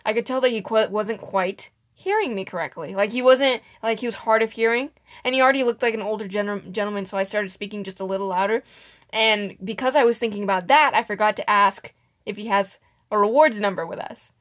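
In a mid-range voice that runs a little fast, this young woman swaps workplace stories as a podcast co-host. Her casual storytelling is animated, with frequent laughter and impressions of what customers said.

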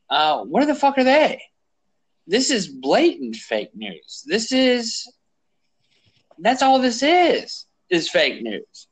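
A man hosting a political talk show, speaking slowly and dragging out his words. His voice sits a little high and swears freely. It gets louder and higher as his anger builds. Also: low-quality recording. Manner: profane, ranting, rising pitch when angry. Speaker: podcast host.

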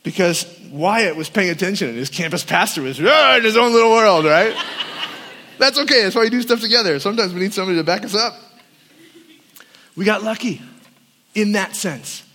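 High-voiced man preaching in a hall. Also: a little fast. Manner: animated storyteller acting out quotes. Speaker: campus pastor. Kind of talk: sermon with storytelling. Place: large hall at a winter camp. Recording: long reverb of a hall.

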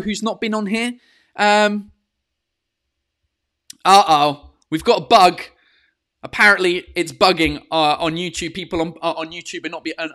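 A comedian hosting his own live podcast from home on a podcast mic. His voice is high-pitched and bright, and he talks loosely with swearing, filler sounds and the odd French phrase. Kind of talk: casual live-stream chat. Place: home in lockdown. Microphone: podcast microphone.

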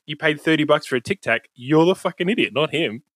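A man's voice: fairly high pitch, lively intonation, fairly quick, no echo. Laughing, foul-mouthed Australian man telling stories. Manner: rambling, laughing, swears freely. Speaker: podcast host, guest. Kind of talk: casual storytelling chat. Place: home room with bookshelves.

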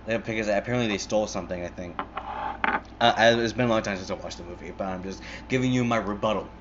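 A young movie fan retells a film in a casual, rambling monologue, filling every gap with "like" and swearing freely. His voice is lowish and quick. The lo-fi recording carries background noise.

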